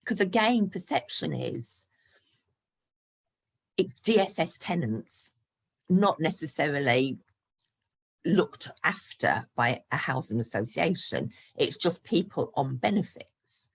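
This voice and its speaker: A woman in her sixties with a notably low voice, chatting frankly as a podcast guest. She talks openly and laughs between points. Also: big pitch swings, slow, creaky, pauses often, slightly rough. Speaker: guest, property investor. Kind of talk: casual podcast interview.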